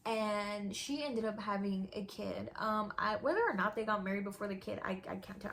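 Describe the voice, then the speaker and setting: A woman's voice: medium pitch, a little fast, few pauses, a little hiss or hum. A young woman and YouTuber telling a storytime in a casual, candid way, dropping "like" and "girl" often. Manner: chatty, candid, with frequent "like" and "girl".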